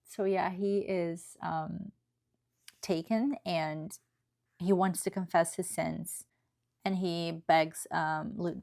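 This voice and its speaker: Woman, book review vlog, low voice, vocal fry, earnest, chatty, emotional. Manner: earnest, emotional, chatty with frequent tag questions.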